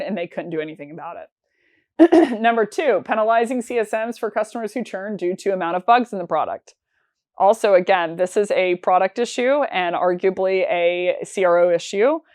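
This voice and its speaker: Woman, sales show host, lower voice, conversational, candid, counts off points, dry sound. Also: no room sound. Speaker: sales team leader hosting a sales show. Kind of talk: conversational business advice talk.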